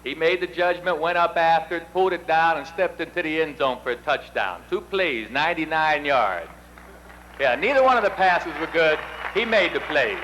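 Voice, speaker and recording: Middle-aged man, somewhat high voice, folksy ceremony speech with faint hum behind. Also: lively intonation, normal speed, fairly bright tone, rough recording. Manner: folksy, anecdotal, self-deprecating. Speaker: induction ceremony presenter. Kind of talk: speech with storytelling.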